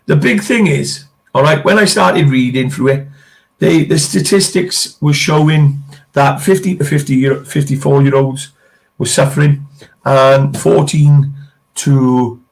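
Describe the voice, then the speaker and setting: A man's voice: fairly high pitch, unhurried, vocal fry. A middle-aged man, chatting bluntly on a live stream and swearing freely. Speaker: co-host. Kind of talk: casual chat on a live stream.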